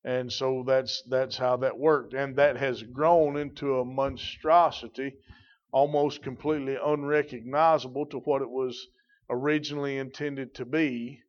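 A man's voice: medium pitch, steady tone, measured pace. A man, a pastor preaching a sermon in a folksy, rambling way with many fillers. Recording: dull, lo-fi recording.

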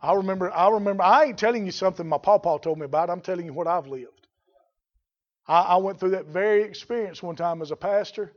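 A middle-aged man preaching a fiery sermon as a pastor, rising to shouts at his peaks. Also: high voice, fast. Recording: dull lo-fi recording.

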